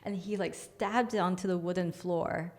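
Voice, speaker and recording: A woman with a slightly low voice tells a story in casual conversation. She is animated and acts out the scenes as she goes. She laughs often. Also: moderate pace. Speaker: guest, energy healer.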